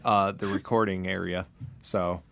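A man's voice: low-pitched, level tone, measured pace, creaky, slight background noise. A man hosting a casual chat, laid-back and giving brief agreeing replies.

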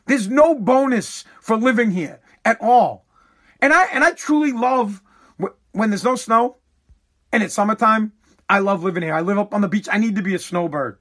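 A fed-up man, swearing freely as he rants through a long casual monologue. His voice sits notably high for a man, and his delivery is emphatic and exasperated. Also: normal speed, fairly bright tone. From New England. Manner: exasperated, profane, emphatic ranting.

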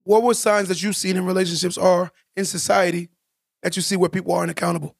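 A man co-hosts a casual podcast, his high voice creaky and flat as he talks quickly. He is emphatic and preachy, repeating points for stress. The studio sound is clean, with no room sound.

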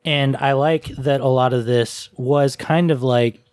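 A man's voice: medium pitch, fairly even intonation, unhurried, darkish tone, no echo. Chill guy talking movies on a podcast, swears a lot, dry mic. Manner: laid-back, swearing, jokey. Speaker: podcast co-host. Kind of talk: casual film discussion.

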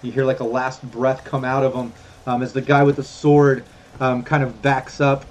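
A man running a tabletop game as game master, talking in a relaxed, rambling way with many fillers. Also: medium pitch, normal speed.

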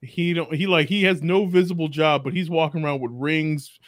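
A man chatting on a podcast, riffing in a joking, animated way. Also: on the high side, normal speed, dry recording, studio quality. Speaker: podcast guest or co-host. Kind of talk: casual chat.

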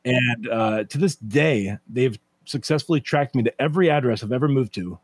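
A man's voice: mid-range voice, normal speed, slightly rough, no echo. Dry-voiced man in teasing banter. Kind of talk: casual chat.

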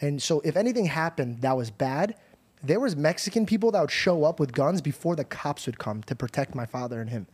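A man hosting a podcast, telling a story in a casual, animated way, swearing often and calling people bro. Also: fairly high pitch, a little fast, husky. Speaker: podcast host.

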